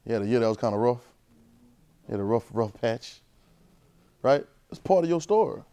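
Brisk and lively in intonation, this man in his 30s has a mid-range, mellow, clean voice. He preaches conversationally and emphatically, trading call-and-response with the congregation.

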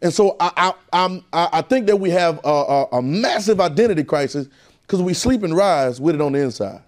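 A man's voice: on the high side, lively intonation, a little fast. A man teaching a Bible class in a preaching style, repeating phrases and calling out questions to the room. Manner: call-and-response, repetitive, emphatic.

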